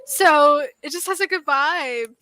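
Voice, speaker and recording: A woman's voice: high-pitched, unhurried, sharp tone. A young woman hosting a livestream, chatting casually, laughing a lot and swearing freely. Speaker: livestream host. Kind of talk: casual chat.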